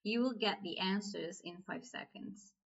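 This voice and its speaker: A woman with a Turkish accent teaching a language lesson, slow and patient, repeating each phrase. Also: mid-range voice, gravelly, muffled recording.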